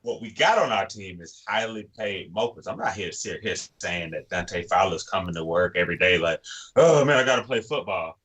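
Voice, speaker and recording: A man with a fairly low yet bright, forward voice talks sports on a podcast. He is animated and casual and acts out imagined quotes. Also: normal speed, hardly any pauses. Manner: animated, acts out players' thoughts, repeats "to be honest with you". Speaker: podcast co-host.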